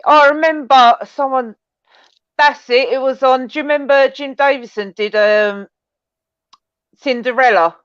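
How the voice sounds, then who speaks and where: A woman's voice: sits high, fairly even intonation, unhurried, long pauses, clean tone, no room sound, muffled recording. A woman co-hosting a podcast in casual chat, laughing often as she tells the story. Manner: giggly, laughs often while telling the story. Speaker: podcast co-host.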